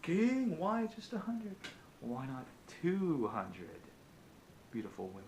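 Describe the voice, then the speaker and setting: A man plays a sly magic lamp from a told fable, stretching each word slowly as it tempts with more. The delivery is smooth and coaxing, like a spoken storybook. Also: a little high, huge pitch swings, darkish tone, slight background noise, pitched above the performer's own voice, full character voice. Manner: slow, drawn-out, coaxing.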